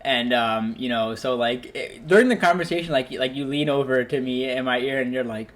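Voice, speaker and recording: A man's voice: medium pitch, a little fast. Young man telling stories with lots of fillers. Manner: animated storyteller, laughs often, many fillers. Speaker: podcast host. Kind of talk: casual podcast chat.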